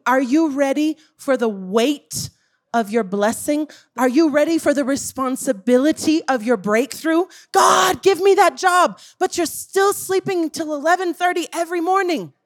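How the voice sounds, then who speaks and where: A woman preacher with a high, bright-pitched voice. She delivers a sermon with emphatic, repeated questions, calling out directly to the church. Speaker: pastor.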